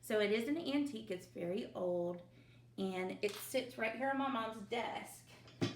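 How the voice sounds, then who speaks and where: A woman teacher, leading young children through a phonics review with slow, drawn-out drills and cheerful asides, recorded at home. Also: on the high side, a little hiss or hum. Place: home, at her mother's desk. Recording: echoey room.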